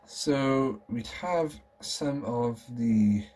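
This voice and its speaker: A man's voice: mid-range voice, drawn-out words, darkish tone, husky. Rambling man, nostalgic show-and-tell. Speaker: collector vlogger. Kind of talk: casual show-and-tell chat.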